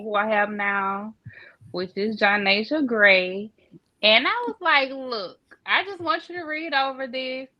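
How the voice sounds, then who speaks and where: A woman's voice: medium pitch, muffled recording. A woman in her thirties with a Louisiana accent, a guest author chatting in a podcast interview and laughing easily. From Louisiana, USA. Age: 30s.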